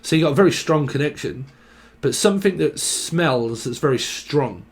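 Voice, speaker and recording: A man's voice: fairly high pitch, lively intonation, moderate pace, slightly rough. A young man doing a casual tarot reading, rambling through word associations with crude jokes and frequent laughter. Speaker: tarot reader. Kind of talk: casual off-the-cuff tarot channelling.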